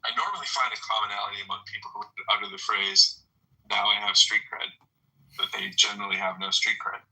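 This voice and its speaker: A man's voice: fairly low pitch, fairly even intonation, quick pace, bright, forceful tone, poor audio. A man moderating a casual audio chat room, dry and hesitant, with lots of filler words.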